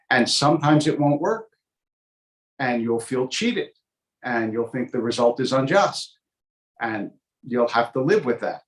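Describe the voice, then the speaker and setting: A rabbi teaching a Torah class in a relaxed, thoughtful way, with wry asides and plenty of ums as he works through ideas. His voice sits at a middling pitch for a man. It carries a noticeable roomy echo. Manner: thoughtful, digressive, with frequent ums and wry humor. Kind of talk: conversational teaching.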